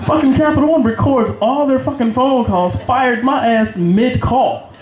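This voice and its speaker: High-voiced profane stand-up man. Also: moderate pace, highs cut off, heavy background noise. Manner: profane, breezy storytelling with laughing asides. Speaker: stand-up comedian. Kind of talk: stand-up comedy set. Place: small cafe at an open mic. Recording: echoey room with faint crowd ambience.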